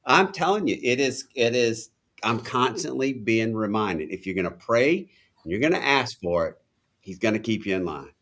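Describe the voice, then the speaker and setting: Earnest man with a low, bright voice. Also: animated, normal speed. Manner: earnest, insistent, repeating himself. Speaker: podcast co-host. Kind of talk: casual faith chat.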